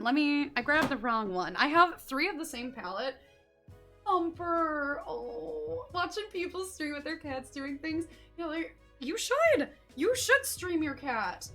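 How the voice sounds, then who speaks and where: Bubbly high-voiced young woman streamer. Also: fairly bright tone. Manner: bubbly, gushing, talks to chat while working. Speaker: livestream artist. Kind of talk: casual livestream chat while body painting.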